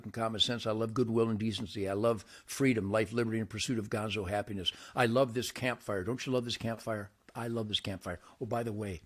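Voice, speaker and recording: An older man hosting his own show, ranting boastfully to camera by a campfire outdoors, with wild swings between shouting and muttering. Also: husky. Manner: brash, boastful, loud swings in pitch and volume.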